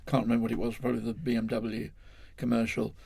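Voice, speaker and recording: Gravelly older man telling a story. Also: mid-range voice, completely flat delivery, quick pace, darkish tone, no room sound. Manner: rambling, self-correcting, chuckling storyteller. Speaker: guest. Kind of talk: anecdotal interview storytelling.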